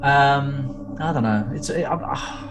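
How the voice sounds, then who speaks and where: A man's voice: mid-range voice, slow. A man hosting a casual podcast chat, rambling through details with plenty of fillers. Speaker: podcast host. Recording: audible background noise.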